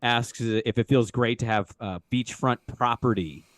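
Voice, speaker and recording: A man's voice: medium pitch, unhurried, fairly bright tone, dry recording. A young man co-hosting a casual sports talk show, reacting briefly and reading out listener questions. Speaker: co-host.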